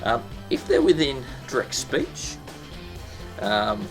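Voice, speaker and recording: A man's voice: medium pitch, expressive, slow, soft background music. A man teaching a casual lesson, chatty and full of ums and restarts, breaking into sound effects.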